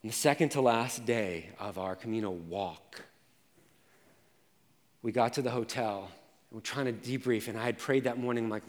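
A man preaching a sermon as pastor, telling personal stories and moving from quiet reflection to intense emphasis. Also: medium pitch, normal speed, pauses often, long reverb tail.

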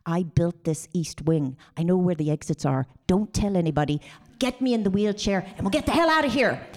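A woman's voice: on the low side, expressive, fairly quick, darkish tone, lightly acted. A woman voicing her ailing older father, breezy and folksy, stubbornly upbeat. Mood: conspiratorial.

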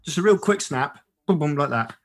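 A man in casual conversation, telling lively stories and often asking "right?". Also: a little high, fairly quick. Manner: animated storyteller, says "right?" often. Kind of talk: casual chat. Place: photographer who travels with a camera.

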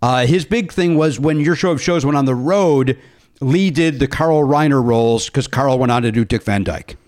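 A man's voice: medium pitch, moderate pace. A man hosting a casual comedy podcast, telling stories and acting out the people in them with raised voices. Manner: animated storyteller, acts out quotes in raised voices. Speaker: podcast host.

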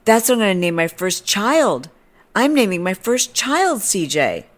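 A woman's voice: mid-range voice, very animated, a little slow, voice pushed up. A woman voicing an overexcited young woman who gushes breathlessly. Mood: gushing. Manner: breathless, squealing gush.

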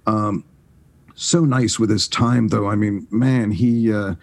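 A man in his forties, a podcast guest, telling career stories in a casual, animated way, often restarting his sentences. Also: on the low side, slow pace. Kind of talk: casual storytelling.

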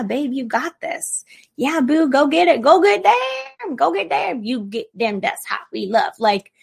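A woman therapist talks through relationship advice in a casual, blunt way. She is emphatic and direct, and she keeps firing off rhetorical questions at a middle pitch. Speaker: licensed therapist.

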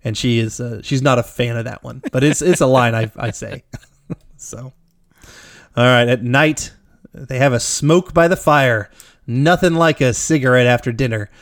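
A man's voice: medium pitch, moderate pace, no room sound, studio quality. A man co-hosting a podcast, recapping a film in casual, rambling chat, swearing freely and laughing often. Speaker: podcast co-host.

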